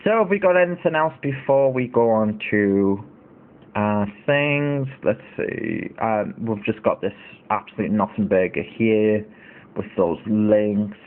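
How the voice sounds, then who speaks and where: A man's voice: on the low side, unhurried. A man in his thirties hosting a casual livestream, rambling and indignant, with lots of fillers. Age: 30s. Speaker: livestream host. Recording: tinny phone-like audio.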